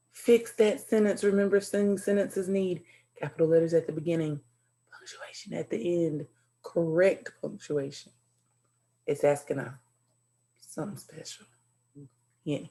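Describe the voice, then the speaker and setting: A woman teaching a second grade class in a recorded video lesson, cheerful and encouraging, speaking slowly and clearly for young children. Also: mid-range voice, mellow.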